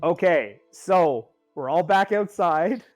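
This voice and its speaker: A game master talks players through a tabletop game scene in a loose, rambling way, stopping to correct themself and adding "like" and "um" throughout. Their pitch sits mid-range. Faint music plays in the background. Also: lively intonation, slow pace, darkish tone. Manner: casual, rambling, many fillers and self-corrections.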